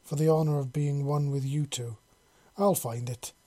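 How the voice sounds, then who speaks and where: A man's voice: a little high, steady tone, normal speed, mellow, dry recording, lightly acted. A man voicing a devoted young human man who speaks breathlessly in a storybook reading.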